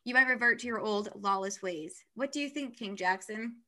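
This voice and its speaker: A woman voicing a composed adult queen in a brisk, matter-of-fact way while retelling a book. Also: a little high, bright, forceful tone. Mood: cool.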